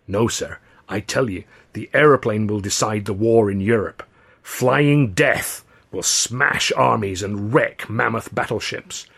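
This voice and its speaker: Brief: formal, insistent flyer read by a man, husky voice. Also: on the low side, normal speed. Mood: earnest. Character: serious adult male aviator, zealous about warplanes.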